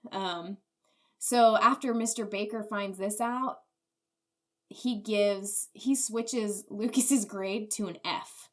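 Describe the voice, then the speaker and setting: A woman's voice: medium pitch, fairly even intonation, slow pace. A woman co-hosting a podcast, casually retelling a movie's plot and acting out the characters' lines. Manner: chatty, acts out characters' lines. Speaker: podcast co-host.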